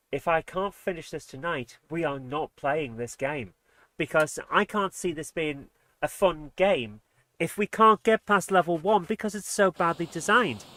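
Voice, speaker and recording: A man's voice: on the high side, lively intonation, unhurried, a bit bright, dry recording. A man commentating casually on his gameplay as a let's play host, exasperated and muttering under his breath.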